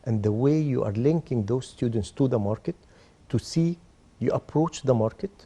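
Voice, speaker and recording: A man answering as a guest in a TV interview, speaking haltingly with restarts and listing things in runs. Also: mid-range voice, mellow, slightly rough. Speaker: university official guest.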